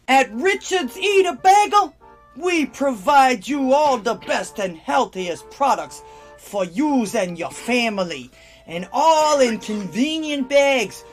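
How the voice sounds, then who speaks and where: A man putting on a brash New York pitchman. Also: fairly bright tone, exaggerated voice. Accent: put-on New York Italian. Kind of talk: spoof commercial.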